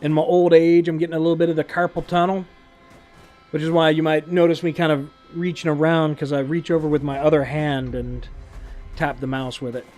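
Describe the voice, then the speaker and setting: A man's voice: a little high, flat delivery, fairly quick, darkish tone, faint music behind. A man streaming a game live, chatting casually and laughing often at what happens on screen. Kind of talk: casual live gameplay commentary.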